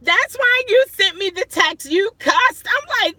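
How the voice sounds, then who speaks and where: Woman, high voice, slow talker, casual phone livestream, parked car at night, flustered and exclamatory. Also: lively intonation, bright, forceful tone, no room sound. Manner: flustered, exclaiming and laughing at herself. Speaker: rideshare driver livestreaming.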